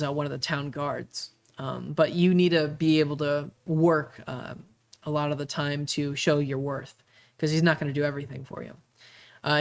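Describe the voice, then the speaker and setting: A game master narrating a tabletop game, halting often with uhs and ums. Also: medium pitch. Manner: halting, filled with many uhs.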